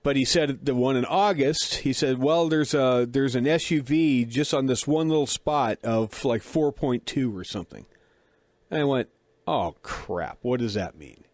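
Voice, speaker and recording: A middle-aged man tells a story in a relaxed, chatty way, poking fun at himself and playing out both sides of a conversation. His mouth sounds a little dry. The recording is close and dead, with no room sound. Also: mid-range voice, normal speed, no echo. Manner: chatty, self-deprecating, acts out dialogue. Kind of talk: casual storytelling.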